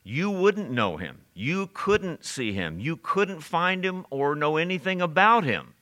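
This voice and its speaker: A man preaching an expository sermon, slowing down to stress the scripture he quotes and turning to the congregation with asides. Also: mid-range voice, pushed and bright.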